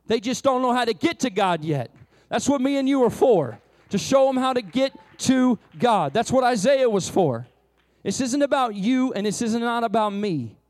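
A man preaching a sermon with passion, his fairly high voice swinging widely as he presses his point. He often restarts and repeats phrases as he builds momentum. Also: big pitch swings, normal speed, a little mellow. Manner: impassioned, with frequent restarts and repetitions. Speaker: pastor.

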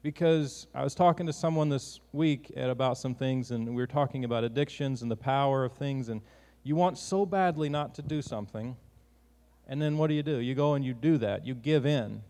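A man's voice: mid-range voice, brisk, darkish tone. Earnest preacher man in a reverberant hall. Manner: conversational, earnest preaching with restarts. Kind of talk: sermon.

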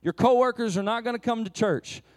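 A man's voice: extremely high pitch, brisk. A male pastor preaching a sermon, impassioned, with frequent restarts and repetitions.

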